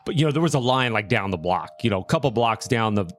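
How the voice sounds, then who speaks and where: A man in a casual podcast chat, an animated storyteller who rushes through his anecdotes. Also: medium pitch.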